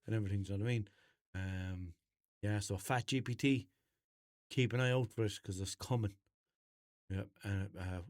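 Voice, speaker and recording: A man's voice: on the low side, steady tone, moderate pace, pauses often, darkish tone, no echo, clean studio sound. A young Irish man hosting a comedy podcast, rambling through an unscripted bit in a jokey, mock-serious way. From Ireland. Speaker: podcast host.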